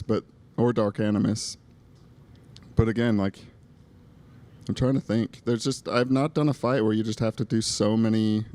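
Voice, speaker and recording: A man's voice: lowish voice, warm tone. A man co-hosting a casual gaming talk show, laid-back and joking. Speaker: podcast co-host.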